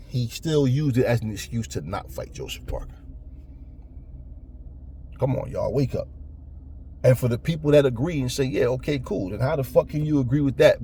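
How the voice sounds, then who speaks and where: A man's voice: medium pitch, darkish tone, a little hiss or hum. A man ranting bluntly about boxing in casual talk, cursing often and stumbling over repeated words. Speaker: boxing commentator. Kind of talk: casual opinion rant.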